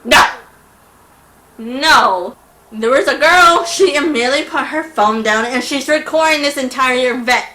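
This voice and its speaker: A woman's voice: high voice, unhurried, a little hiss or hum. Exasperated young woman ranting in an echoey room. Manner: animated, exasperated, acts out voices in quotes. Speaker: vlogger. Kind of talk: casual storytime rant.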